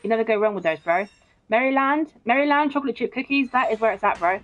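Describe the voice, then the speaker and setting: A young woman streaming a game reads viewer comments in a casual, blunt chat, swearing often and repeating "bro." Her slightly high voice is animated, quick and a bit bright, heard through muffled, dull stream audio.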